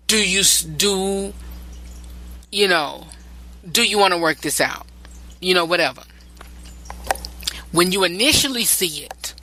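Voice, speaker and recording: A man's voice: high voice, pushed and bright, poor audio. A male podcast host giving relationship advice in a rambling, repetitive and preachy solo talk.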